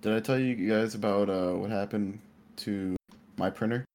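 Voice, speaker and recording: Low-voiced man telling a rambling story. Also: fairly even intonation, normal speed, darkish tone. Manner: rambling storyteller with many fillers. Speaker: IT worker. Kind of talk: casual chat.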